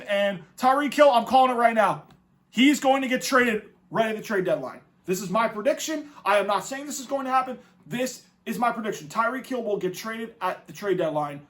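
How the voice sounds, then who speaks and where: A man hosting a football podcast, ranting in a casual, mocking and profane way. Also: extremely high pitch. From New England, United States. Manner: animated, mocking, profane rants. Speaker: podcast host. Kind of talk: casual sports commentary.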